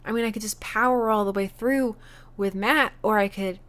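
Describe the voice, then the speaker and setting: A woman's voice: a little high, slow, pauses often, fairly bright tone. A woman streamer chatting casually and giggling as she plays through a dating game.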